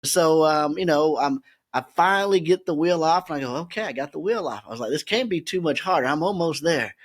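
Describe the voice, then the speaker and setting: Male podcast guest, storyteller who laughs easily, pitch a bit high. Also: fairly quick. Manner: laughs often while telling stories. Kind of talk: animated storytelling.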